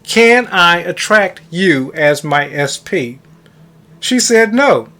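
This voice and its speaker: A man's voice: high-pitched, expressive, slow pace, pushed and bright. A man who coaches on manifestation, telling a story in a casual monologue, stressing words for emphasis and addressing listeners as guys.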